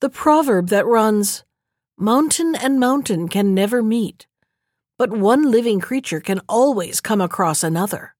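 A woman's voice: animated, unhurried, a little mellow, no echo, studio quality. A woman voicing a small mother wood pigeon who begs for her life, in a raised, earnest voice. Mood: gentle. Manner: begging, high and earnest.

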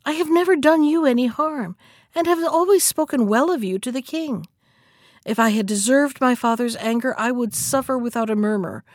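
A woman reading the part of a kind young princess who speaks gently and pleadingly. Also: sits high, normal speed, no room sound, studio quality. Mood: gentle.

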